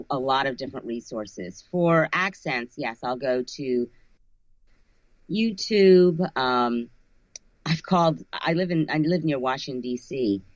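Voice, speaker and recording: A woman's voice: rumbling low, no echo. A woman who narrates audiobooks, talking casually in an interview, thoughtful and often restarting her phrases.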